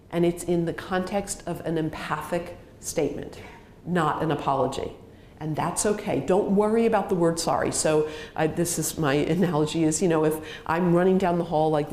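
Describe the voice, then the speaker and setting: A woman physician giving a grand rounds lecture, talking in an animated way, acting out bits of dialogue and using plenty of fillers. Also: lowish voice, roomy sound, a little hiss or hum. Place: hospital lecture hall.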